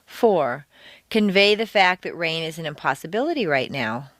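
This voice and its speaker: Woman teaching with lively exaggerated stress. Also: low-pitched, no room sound. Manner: deliberate, exaggerated word stress. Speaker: pronunciation teacher. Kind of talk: scripted audio course instruction.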